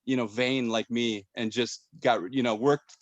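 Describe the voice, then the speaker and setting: Man, 40s, from Minnesota; podcast host, chatty and halting, mid pitch, dry. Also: fairly even intonation, no room sound, muffled recording. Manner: rambling, many restarts. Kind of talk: casual chat.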